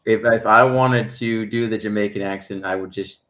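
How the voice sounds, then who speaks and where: A man hosting a casual, playful chat, chatty and quick to laugh. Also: on the low side, fairly even intonation, highs cut off. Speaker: host.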